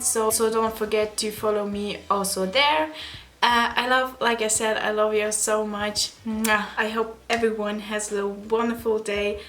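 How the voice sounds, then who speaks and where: A woman's voice: fairly high pitch, fairly bright tone. A young woman with a German accent, a native German speaker, chatting casually to her camera as a beauty vlogger, giggling, apologizing and searching for English words.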